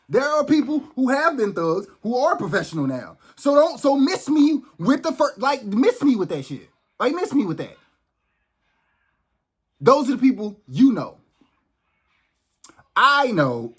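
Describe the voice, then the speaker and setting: Male vlog host, husky and expressive, profane heated rant, lots of restarts. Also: extremely high pitch, measured pace, long pauses. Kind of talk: unscripted ranting vlog.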